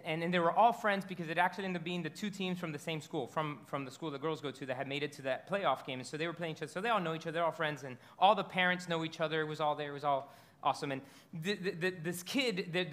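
High bright-voiced preaching man. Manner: animated storytelling preacher, stumbles and repeats words. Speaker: pastor. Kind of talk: sermon.

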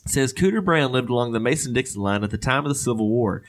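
A man's voice: medium pitch, animated, quick pace. A man hosting a podcast in casual chat, rambling and joking with lots of fillers. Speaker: podcast host.

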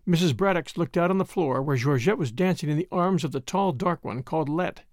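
A man's voice: fairly high pitch, a little fast, few pauses, no room sound, studio quality. A man reading a first-person literary story aloud in a wry, understated manner. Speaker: audiobook narrator.

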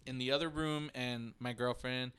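Bright, crisp-voiced man telling stories. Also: medium pitch, fairly even intonation, normal speed, no echo. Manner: rambling storyteller, acts out voices. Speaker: podcast co-host. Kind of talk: casual chat.

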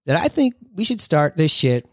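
A man's voice: a little high, big pitch swings, moderate pace. A man hosting a podcast in a loose, rambling way, full of fillers and the odd curse, from a memorabilia-filled room at a friend's house. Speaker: podcast host. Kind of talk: casual podcast chat.

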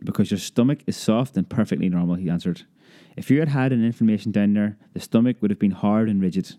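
Dark-voiced man reading a memoir. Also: fast talker. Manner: lively storytelling, raising his pitch for a child's voice. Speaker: narrator.

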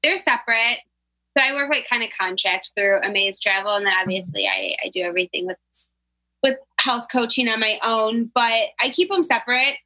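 Guest, young woman, bright tense voice, dry close sound, upbeat and full of "like"s. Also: fairly high pitch, fairly quick, no room sound, low-quality recording. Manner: upbeat, reflective, many filler "like"s. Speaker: podcast guest, travel planner and health coach. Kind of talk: casual chat.

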